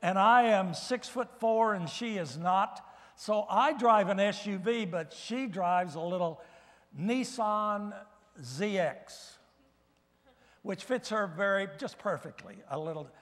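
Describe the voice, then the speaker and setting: Older guy preaching in a church, folksy funny stories, highish voice, big echoey sanctuary. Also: slow, a bit bright. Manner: folksy storytelling with humor. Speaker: guest preacher. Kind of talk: sermon.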